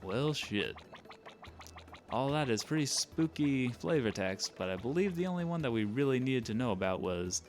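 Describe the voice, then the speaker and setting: A man's voice: mid-range voice, expressive, a little fast, hardly any pauses, a little mellow, faint music behind. A man streaming a game, chatting casually in a loose, joking, self-deprecating way and swearing now and then. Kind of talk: casual let's-play commentary.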